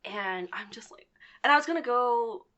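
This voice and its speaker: A woman's voice: on the high side, moderate pace, muffled recording. Young woman telling a story animatedly. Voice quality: lively, animated retelling with swearing and laughs. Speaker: podcast guest. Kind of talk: casual storytelling.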